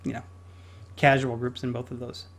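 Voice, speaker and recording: Gravelly man hosting a gaming podcast. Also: mid-range voice, level tone, moderate pace. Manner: chatty, fiddles with audio settings while talking. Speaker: podcast host. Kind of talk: casual gaming podcast chat.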